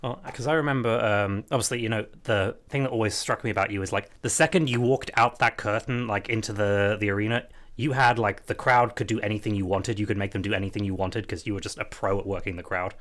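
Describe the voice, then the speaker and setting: A man's voice: fairly low pitch, steady tone, fast talker, few pauses, a bit bright. A man hosting an interview, talking in a casual, rambling way with fillers. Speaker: podcast host.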